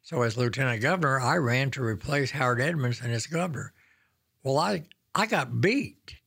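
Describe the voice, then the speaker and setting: A man in his nineties from Oklahoma spins folksy, self-deprecating stories from his years in office. His voice sits at an ordinary middle pitch, and the sound is dry and close with no room around it. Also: lively intonation, moderate pace, gravelly, fairly bright tone, dry recording. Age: 90s. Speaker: former governor, guest. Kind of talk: storytelling reminiscence.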